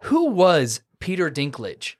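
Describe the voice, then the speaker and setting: Man with a lively, rambling delivery. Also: on the high side, slow pace. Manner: rambling, hesitant, many fillers. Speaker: podcast co-host. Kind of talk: casual movie chat.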